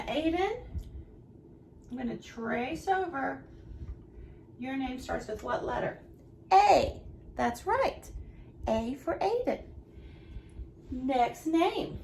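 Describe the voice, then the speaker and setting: A woman teaching a remote lesson to young children, speaking slowly and cheerfully to them as their preschool teacher. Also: high voice, vocal fry, slight background noise. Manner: slow, cheerful, talking to children.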